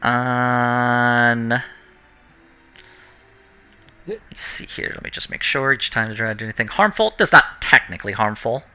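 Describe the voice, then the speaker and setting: A man's voice: medium pitch, a little slow, long pauses, bright, forceful tone, clear, resonant tone, soft background music. A man running a tabletop game as dungeon master, explaining the rules and correcting himself as he goes.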